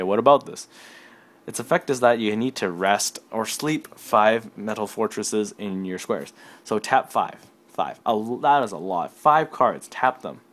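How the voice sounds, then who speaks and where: A tired young man casually reviewing trading cards from his desk, rambling and self-deprecating. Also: on the low side. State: tired and yawning. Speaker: card game reviewer. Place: home desk.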